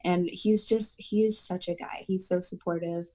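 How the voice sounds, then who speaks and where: A woman's voice: fairly low pitch, fairly even intonation, normal speed, warm tone. A woman guest on an acting podcast, talking in a heartfelt, emotional way. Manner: emotional, heartfelt, speaks of near tears. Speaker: podcast guest, aspiring actor. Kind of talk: casual chat.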